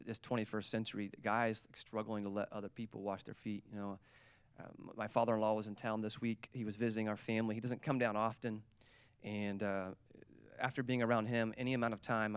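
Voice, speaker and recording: A man's voice: mid-range voice, clean tone, dry recording, clean studio sound. A man, preaching a sermon and telling a story, acting out the quotes with energy. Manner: storytelling, animated, acts out quotes. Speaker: pastor.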